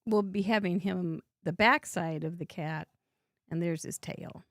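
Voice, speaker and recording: A woman's voice: lowish voice, unhurried, gravelly, no room sound, clean studio sound. A woman hosting a live crafting show, chatting in a bubbly way and laughing often while she works. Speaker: host. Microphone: headset earbud.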